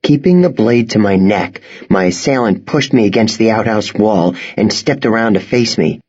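Husky-voiced man narrating an audiobook. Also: fairly low pitch, lively intonation, moderate pace, a little mellow, muffled recording. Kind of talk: first-person audiobook narration.

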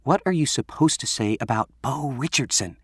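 A man voicing a sharp-tongued, bossy teenage girl with a teasing, demanding manner. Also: medium pitch, expressive, normal speed, breathy edge, no room sound, studio quality, voice pushed up.

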